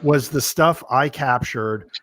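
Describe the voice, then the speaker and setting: A man hosting a paranormal interview show, chatting eagerly with his guest and talking in quick bursts with restarts. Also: mid-range voice, fairly bright tone, no room sound. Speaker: host. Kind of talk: casual interview chat.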